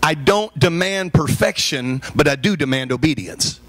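A man preaching a sermon as pastor, animated and humorous, acting out everyday scenes and raising his voice to make a point. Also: on the high side, moderate pace, faint music behind. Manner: animated and humorous, acting out phone calls with raised voice.

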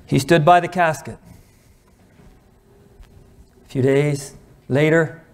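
A middle-aged man preaching a sermon on marriage, earnest, slowing and dropping to a hush at moving points, clearing his throat now and then. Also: fairly high pitch, fairly even intonation. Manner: earnest, slows and drops to a hush at emotional points.

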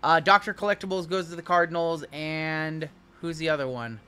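A man's voice: a little high, fairly even intonation, moderate pace, bright, forceful tone, clear, resonant tone. A man hosting a live card break, chatting casually and calling out the cards as he opens packs. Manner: chatty, rambling, calls out cards. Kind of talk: casual live-stream chat.

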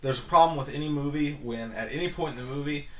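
A man co-hosting a casual movie review, giving quick, joking opinions. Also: a little high, darkish tone. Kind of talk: casual chat. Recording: roomy, mic far off.

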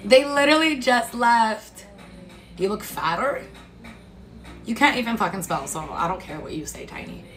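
A woman's voice: fairly high pitch, lively intonation, moderate pace, pauses often, a bit bright. A woman hosting a casual livestream from her kitchen, eating and chatting with viewers in a blunt, profane, laughing way, recorded on a phone. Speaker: livestream host. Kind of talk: casual chat while eating. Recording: echoey room with faint music.

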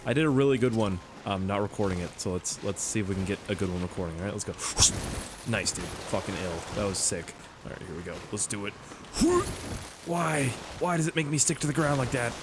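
A man giving excitable, swearing let's-play commentary as a gaming YouTuber. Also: fairly low pitch, fairly quick, noisy background. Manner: excitable, swears a lot, laughs at own jokes.

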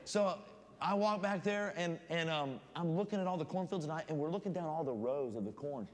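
A guest preacher telling a comic story in his sermon, animated and building suspense. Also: on the high side, fairly quick. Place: church sanctuary. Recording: long church reverb, faint room noise.

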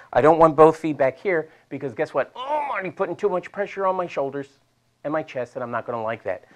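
A middle-aged man with a Delaware accent leads a live seminar room through stretches. He talks in a chatty, animated way at an average pitch and often repeats himself for emphasis. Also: muffled recording. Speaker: physical therapist presenter.

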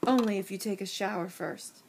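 A woman's voice: mid-range voice, brisk, creaky, darkish tone, slight background noise, voice pushed down, lightly acted. A woman voicing a prim, fussy young girl cootie bug who talks in a prissy, scolding way. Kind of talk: cartoon voice acting.

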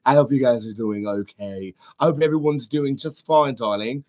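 This tarot reader's livestream is casual and chatty, his medium-pitched voice a little mellow and his speed normal. He's sassy and swears, addressing viewers as darling and girls while muttering to himself as he sorts out the tech.

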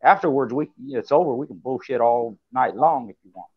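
A man's voice: medium pitch, expressive, a little fast, breathy edge, dull audio. A man co-hosting a casual chat, laid-back and rambling with many fillers. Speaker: podcast co-host.

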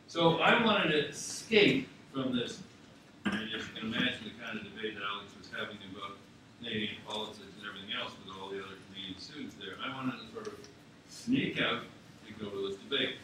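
A man's voice: fairly low pitch, brisk. A man from Scotland telling anecdotes at a memorial, chuckling often as he speaks. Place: university theatre. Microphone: distant mic. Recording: echoey theatre, far mic, audience noise.

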